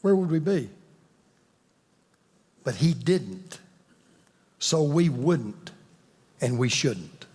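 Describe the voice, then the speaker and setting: A man preaching a sermon as a pastor, emphatic, with dramatic pauses between words. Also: mid-range voice, big pitch swings, darkish tone, husky, long reverb tail.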